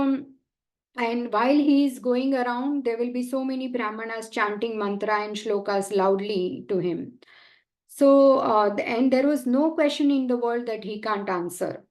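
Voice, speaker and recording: A woman retelling a sacred story in a devotional class, with many pauses and fillers. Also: a little high, a little mellow, low-quality recording. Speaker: devotional speaker.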